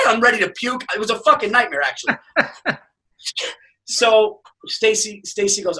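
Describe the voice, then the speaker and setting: A man's voice: high voice, brisk, far from the mic, low-quality recording. A man telling a long, profane story in casual podcast chat, acting out the voices of the people in it. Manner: animated storyteller, profane, acts out quotes. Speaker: podcast guest.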